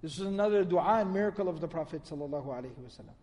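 A man's voice: fairly high pitch, animated, racing, a little mellow, big-room sound. A man giving a religious lecture, retelling narrations in a storytelling manner and quoting Arabic. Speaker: Islamic lecturer.

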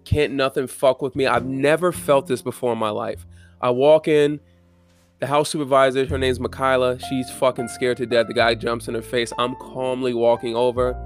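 A man's voice: medium pitch, fairly even intonation, normal speed, soft background music. A young man giving a casual, blunt, profane motivational monologue with fervent conviction.

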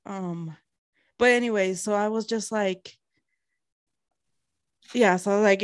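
A woman's voice: medium pitch, steady tone, measured pace, pauses often, no echo, clean studio sound. A young woman co-hosting a podcast in casual chat, rambling through stories and laughing often. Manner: giggly, rambling storyteller who laughs often. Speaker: podcast co-host.

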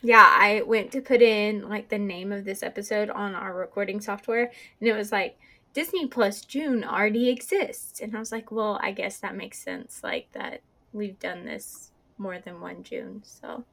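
A woman's voice: medium pitch, moderate pace, vocal fry, sharp tone. A young woman hosting a casual podcast, chatty with lots of fillers, running through a list of upcoming releases. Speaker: podcast host.

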